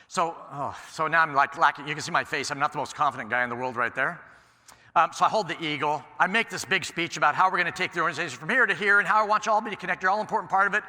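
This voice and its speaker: A man giving a conference keynote, telling stories in an animated way and acting out the dialogue. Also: fairly high pitch, racing. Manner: animated storyteller, acts out quoted exchanges. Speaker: keynote speaker. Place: large conference hall. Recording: echoey hall sound.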